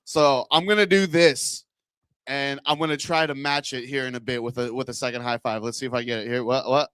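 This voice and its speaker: A man's voice: medium pitch, steady tone, fairly quick, a bit bright, smooth, dry recording, studio quality. A man doing a stand-up comedy set in a club, chatting with the crowd, rambling and laughing at his own jokes.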